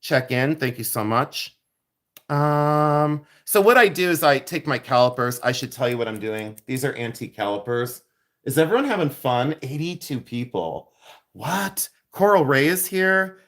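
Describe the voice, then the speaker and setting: A man's voice: mid-range voice, animated, moderate pace, a bit bright. A man working as a silversmith, chatting playfully with his livestream audience and laughing often as he demonstrates in his jewelry studio. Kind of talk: livestream demo with chat.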